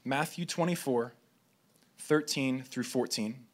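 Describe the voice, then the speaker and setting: A man's voice: mid-range voice, slow pace. A man preaching a sermon to a gathering, reading scripture aloud and sometimes stumbling over his words before trying again. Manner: reads scripture aloud, with slips and restarts.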